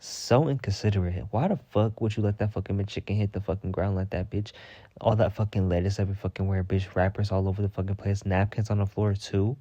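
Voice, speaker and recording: A sassy man rants through a profane storytime in a low-pitched, mellow voice. The recording is dry and a bit dull and lo-fi, with his dramatic delivery right up front. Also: steady tone, a little fast, no room sound. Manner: sassy, dramatic, heavy cursing. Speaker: storytime podcast host. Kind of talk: casual profane storytime rant.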